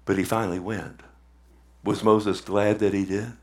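A man's voice: lowish voice, steady tone, moderate pace. A man preaching a sermon in a conversational way, asking the congregation questions and repeating words for emphasis. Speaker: pastor.

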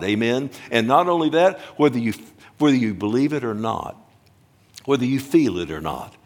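An older man preaching a sermon as pastor, emphatic and deliberate, swinging between hushed lines and booming ones, drawing out key words. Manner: slow, drawn-out phrasing on key words.

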